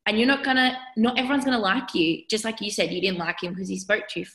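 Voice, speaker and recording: A woman's voice: mid-range voice, fast, fairly bright tone, reverberant. A woman with an Australian accent, a business owner guesting on a podcast, talking in a chatty way full of "like" and "you know". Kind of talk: conversational podcast interview.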